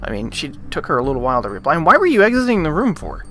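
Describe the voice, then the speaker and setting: A man hosting a let's play, reading a visual novel's narration aloud and breaking off into animated, joking rants. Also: a little high, rapid-fire, faint music behind. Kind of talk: reading game text aloud with commentary.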